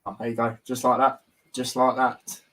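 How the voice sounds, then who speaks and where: Easygoing young stream host. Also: male voice, medium pitch, monotone, normal speed, a bit bright, poor audio. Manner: laid-back, wraps things up with filler words. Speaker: host of a football talk stream. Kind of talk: casual chat. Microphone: phone on mobile data.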